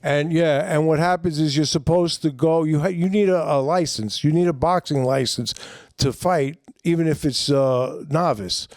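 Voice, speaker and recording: A middle-aged man with a New York accent tells stories as a podcast guest. He talks in a rambling, animated way, full of fillers, and his voice sits a little high for a man. The sound is dry and close. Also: moderate pace, no echo. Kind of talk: casual storytelling.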